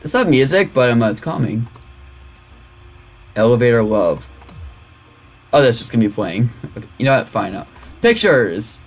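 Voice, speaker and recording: A young man giving excitable, rambling commentary as he plays a computer game. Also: medium pitch, moderate pace, pauses often. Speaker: gaming youtuber. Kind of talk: casual let's-play commentary.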